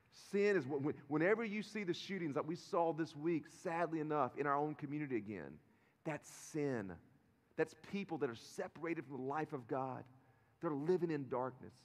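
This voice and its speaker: A middle-aged man preaching a sermon as pastor, telling stories with feeling and acting out the voices of the people in them. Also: a little high. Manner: animated storytelling, acting out quoted voices. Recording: long reverb of a large hall.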